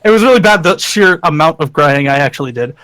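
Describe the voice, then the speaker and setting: A man co-hosting a casual gaming podcast, animated and repeating himself. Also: a little high, quick pace, no echo, low-quality recording.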